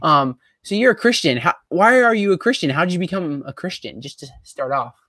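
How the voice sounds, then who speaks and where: A man's voice: on the high side, expressive, a little fast, pushed and bright, no room sound. A young man hosting a podcast, chatting casually and upbeat, with many "um" and "like" fillers. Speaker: podcast host. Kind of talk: casual interview chat.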